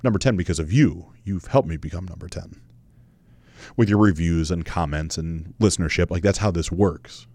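A man's voice: deep voice, moderate pace, dark tone, no room sound. A man in his thirties hosting his own podcast, telling a personal story in a candid, conversational way, with emphatic repetition and casual swearing. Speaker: podcast host.

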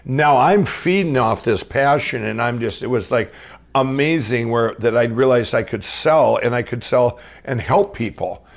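A middle-aged man from Minnesota telling his own life story off the cuff, rambling with many restarts and swinging between excited and hushed. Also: medium pitch, unhurried, gravelly. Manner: rambling, full of restarts and "I'm going". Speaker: guest storyteller. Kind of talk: unscripted personal storytelling.

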